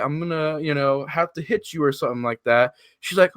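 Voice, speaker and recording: A man chats excitedly about a bad film, laughing and mimicking the characters. His pitch is fairly high and very lively. The recording is dry. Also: fairly quick, no room sound. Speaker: podcast guest. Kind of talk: casual movie review chat.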